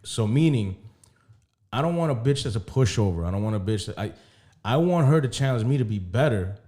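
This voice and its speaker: A man's voice: mid-range voice, lively intonation, brisk, dark tone. Man swapping candid stories on a podcast. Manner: candid, profane storytelling. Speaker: podcast co-host. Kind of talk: casual chat.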